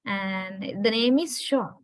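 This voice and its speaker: A woman's voice: medium pitch, slow pace, no echo, rough recording. A woman from Sri Lanka with a Sri Lankan English accent, giving a classroom lecture and often checking that students follow with "right?". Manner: explanatory, keeps checking understanding with "right?". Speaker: university lecturer.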